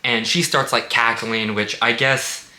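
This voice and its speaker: A man's voice: medium pitch, fairly even intonation, measured pace, bright, forceful tone. A man giving a casual spoken movie review, blunt and sarcastic, swearing freely. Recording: echoey room.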